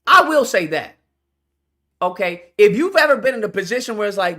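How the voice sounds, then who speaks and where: A man reacting to news clips in profane, animated commentary, incredulous and blunt. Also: high voice, moderate pace.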